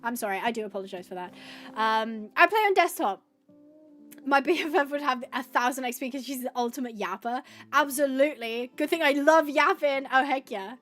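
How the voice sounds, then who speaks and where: Chatty high-voiced woman streamer. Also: brisk, fairly bright tone, faint music behind. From United Kingdom. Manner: chatty, bubbly, reads out and answers chat. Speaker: gaming livestream host. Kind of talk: casual live-stream chat with viewers. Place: at home.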